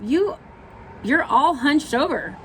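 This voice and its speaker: A woman's voice: sits high, lively intonation, slow, a little hiss or hum, pitched above the performer's own voice. A woman voicing a fussy animal neighbor who keeps telling others that his friend is grumpy. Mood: tattling. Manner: chatty, tattling.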